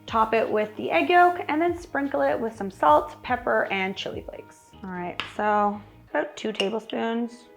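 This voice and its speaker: Demonstrating a recipe in her home kitchen, the cooking channel host stays chatty and wry through every step. Her voice is fairly high and gravelly at a moderate pace, and faint music plays in the background.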